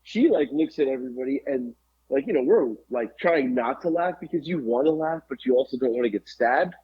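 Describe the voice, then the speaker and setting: A man's voice: medium pitch, expressive, brisk, breathy edge, lo-fi sound. A middle-aged man co-hosting a podcast, telling profane, rambling anecdotes in a casual chat full of fillers. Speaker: podcast co-host.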